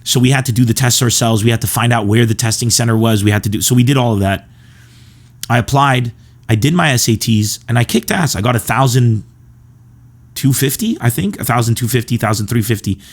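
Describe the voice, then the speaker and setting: A man's voice: medium pitch, a little fast. A man from Lebanon hosting a podcast, telling stories casually with chuckles and frequent restarts. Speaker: podcast host. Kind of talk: casual comedic storytelling.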